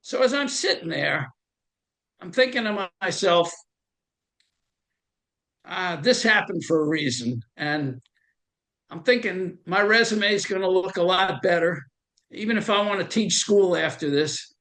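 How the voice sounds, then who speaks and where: An older man, talking through his memories in a relaxed oral history interview. His voice sits high for a man. He slips into the voices of the people he quotes as he goes. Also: measured pace, long pauses. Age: 70s. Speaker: veteran interviewee.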